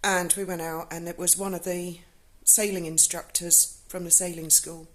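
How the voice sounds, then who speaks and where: Low-voiced blunt woman. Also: flat delivery, moderate pace, a bit bright. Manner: emotional, blunt, swears freely. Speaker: vlogger telling a personal story. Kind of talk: casual spoken storytelling.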